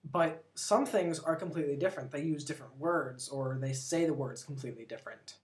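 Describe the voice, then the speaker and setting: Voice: medium pitch, brisk. An American vlogger living in Britain, rambling casually and talking with lots of "like" and strong opinions. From United States. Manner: chatty, rambling, full of "like", opinionated. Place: lives abroad in Britain.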